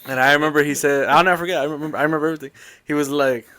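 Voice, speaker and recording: A man telling a long family story in a casual, rambling, animated way. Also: on the high side, racing.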